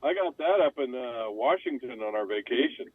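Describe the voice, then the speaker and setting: A man's voice: mid-range voice, expressive, a little fast, no echo. An older man on a call from his car, telling a story in a chatty way and laughing along. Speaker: caller on the panel. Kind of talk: casual storytelling. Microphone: phone while driving. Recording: tinny dry phone line.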